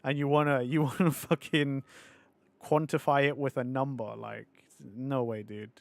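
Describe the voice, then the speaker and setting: A young man streaming a game, chatting casually with viewers, animated and often laughing and swearing. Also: medium pitch, moderate pace, gravelly, no echo. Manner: animated, laughing, swearing, mocking others in put-on voices. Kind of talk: casual live-stream chat.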